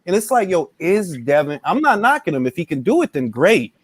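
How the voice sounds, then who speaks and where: A man's voice: sits high, very animated, fairly quick, breathy edge, no echo. A man hosting a casual boxing panel chat, talking in an emphatic, slangy way. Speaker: podcast host.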